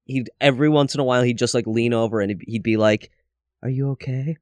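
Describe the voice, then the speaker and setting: A man's voice: mid-range voice, quick pace, a little mellow, smooth, no room sound. A man in his thirties co-hosting a podcast, telling rambling, profane stories in casual comedic chat. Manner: profane, rambling storyteller with acted quotes. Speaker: podcast co-host.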